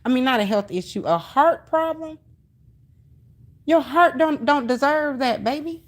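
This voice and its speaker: A woman's voice: sits high, expressive, a little slow. A middle-aged woman hosting a casual livestream, talking emphatically and with sass, repeating her points and answering viewer comments. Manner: emphatic, preachy, sassy, repeats herself. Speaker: livestream host.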